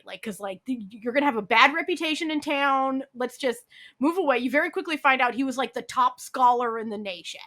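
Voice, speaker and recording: A woman with a high, brisk voice co-hosts a podcast, casually recounting a drama's plot. She's an animated storyteller who acts out the characters' lines, swears, and says "like" constantly.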